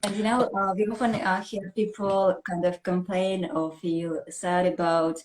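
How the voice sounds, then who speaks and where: A woman English teacher, explaining language points in an animated, conversational way and often checking in with "right?". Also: on the low side, unhurried. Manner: animated, explanatory, frequent "you know" and "right?".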